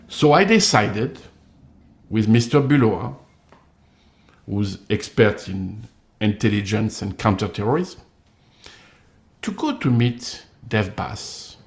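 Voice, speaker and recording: A man's voice: mid-range voice, lively intonation, measured pace, darkish tone, reverberant. Emphatic man with a tinged delivery. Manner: emphatic, accusatory, acts out others' replies. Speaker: commentator. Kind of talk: direct-to-camera monologue.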